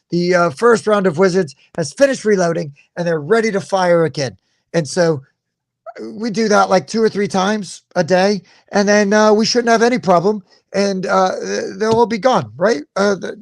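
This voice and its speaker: Scheming villager with a rough put-on English accent, gravelly and dry-sounding, played by a man as a loose comedy bit. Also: sits high, no echo. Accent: vague put-on English accent. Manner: conspiratorial, rambling. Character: scheming male villager plotting against adventurers.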